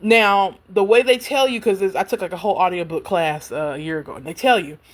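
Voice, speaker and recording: A woman and self-published author in casual livestream chat from home, animated and chatty and talking directly to her viewers. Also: mid-range voice, fairly quick.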